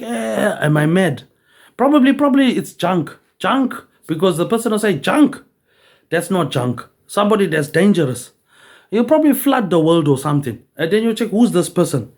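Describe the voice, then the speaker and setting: A man's voice: high-pitched, darkish tone. A man rambling on in a loose monologue, swearing freely and tagging almost every line with "mate".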